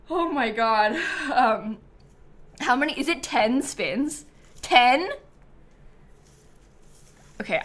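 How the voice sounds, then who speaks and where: A woman with a high-pitched, slightly bright voice hosts a laid-back live stream. She giggles and chats, says um and like a lot, and reads out the names of viewers to thank them.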